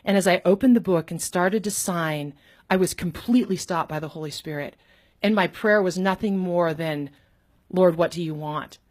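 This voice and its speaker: A middle-aged woman, an author and speaker, telling a personal story with lively, expressive delivery and sudden pitch jumps when she acts out quotes. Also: moderate pace. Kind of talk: animated storytelling.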